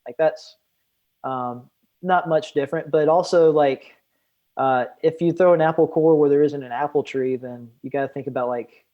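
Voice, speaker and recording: A man's voice: fairly high pitch, normal speed, narrow, tinny audio. A young man, a guest outdoor educator, talking in a rambling casual podcast chat full of fillers and restarts.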